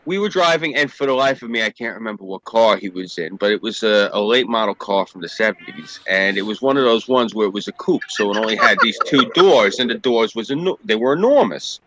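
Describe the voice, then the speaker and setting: Bright-voiced man telling a story. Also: fairly low pitch, a little fast, hardly any pauses, slight background noise, low-quality recording. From New York State. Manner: animated storyteller acting out quoted voices; swears freely. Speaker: podcast co-host. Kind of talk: casual storytelling among friends.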